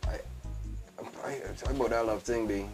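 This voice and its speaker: Over music, a man with a lowish voice speaks at a measured pace. He's a guest fashion entrepreneur on an easygoing show, emphatic and animated in his talk. He circles back to the same phrases and keeps calling his host "B."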